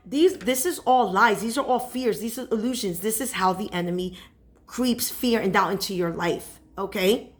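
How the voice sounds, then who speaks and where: A woman's voice: on the high side, normal speed. A woman speaking as a spiritual advisor in a casual preaching monologue, who keeps checking in with her listeners by asking "okay?".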